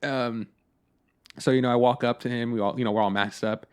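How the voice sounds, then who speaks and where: A man's voice: mid-range voice, steady tone, fairly quick, clean tone. A young adult man co-hosting a podcast in casual chat, telling stories animatedly, acting out both sides of conversations and swearing casually. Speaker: podcast co-host.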